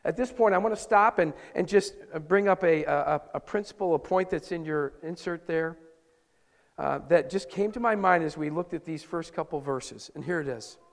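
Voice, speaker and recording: A man preaching a sermon as pastor, moving between loud emphasis and hushed, intimate asides. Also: a little high, moderate pace. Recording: long hall reverb.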